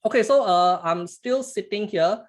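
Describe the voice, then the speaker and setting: A man with a Singaporean English accent hosting a casual live trading webinar, halting and repeating words, chatty with "lah" at phrase ends. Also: sits high. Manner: chuckles while talking, snacking between lines.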